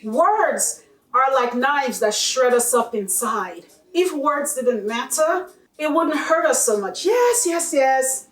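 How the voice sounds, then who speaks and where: Woman, high voice, blunt and fiery monologue, off-mic in an echoey room. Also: animated, slow, far from the mic. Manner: blunt, heated and profane, mocking others in quoted voices. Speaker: vlogger. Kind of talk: impassioned monologue to camera.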